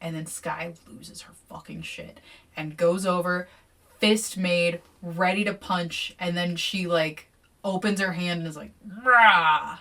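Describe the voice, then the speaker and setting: Chatty podcast co-host, woman, bright sharp voice, slightly off-mic. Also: on the low side, a little slow, recorded from a distance. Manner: animated, swears freely, acts out quotes. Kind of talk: casual book-club chat and reading aloud.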